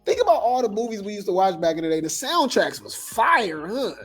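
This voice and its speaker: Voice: mid-range voice, big pitch swings, brisk, breathy edge, faint music behind. A gossip news host talking loosely in slang, full of fillers and restarts. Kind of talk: casual gossip commentary.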